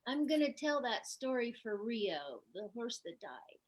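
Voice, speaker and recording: A woman's voice: a little high, big pitch swings, measured pace. A woman guest on a podcast, eagerly jumping in to tell a story. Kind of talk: casual chat.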